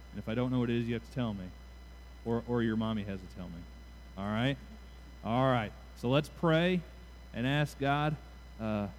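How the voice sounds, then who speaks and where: A man giving a children's moment during a church service, playful and animated as he draws the kids into call-and-response. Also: medium pitch, slight background noise. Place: church sanctuary.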